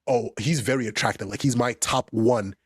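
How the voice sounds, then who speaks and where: A man co-hosting a podcast among friends, telling stories in an animated, slangy way and laughing often. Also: medium pitch, moderate pace, husky, no echo, studio quality. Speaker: podcast co-host. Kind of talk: casual chat among friends.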